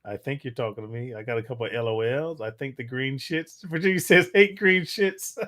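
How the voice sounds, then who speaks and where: A man's voice: mid-range voice, quick pace, a bit bright. A middle-aged man hosting a casual livestream, reading viewer comments aloud and answering them with loose, crude jokes and frequent laughter. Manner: loose and joking, crude humor, laughs often. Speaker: livestream host reading chat.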